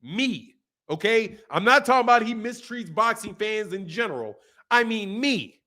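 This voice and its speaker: A man's voice: sits high, lively intonation, normal speed, pushed and bright. A man hosting a boxing livestream, chatting casually, laughing often and mimicking other people. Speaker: boxing channel host. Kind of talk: livestream commentary, reading super chats.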